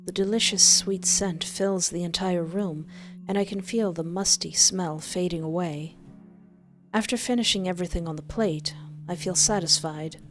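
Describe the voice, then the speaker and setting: A woman reading a visual novel aloud in first person, expressive, with exasperated asides. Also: on the low side, moderate pace, soft background music. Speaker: game player narrating.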